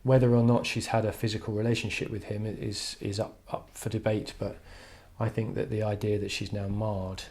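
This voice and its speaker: A man's voice: on the low side, flat delivery, moderate pace, hardly any pauses, darkish tone. A man teaching an English literature lesson online, talking thoughtfully with frequent "um"s and restarts. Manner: thoughtful, hesitant with frequent fillers.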